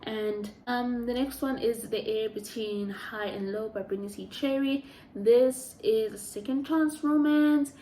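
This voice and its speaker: A woman's voice: mid-range voice, a little mellow, a little hiss or hum. Chatty woman gushing in an echoey room. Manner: chatty and gushing, rambles with many fillers. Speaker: book reviewer. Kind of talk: casual chat.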